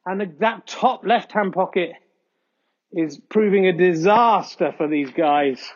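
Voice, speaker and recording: A man hosting a comedy podcast, giving mock-earnest snooker commentary with frequent excited exclamations. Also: sits high, a little slow, muffled recording. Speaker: host doing mock sports commentary.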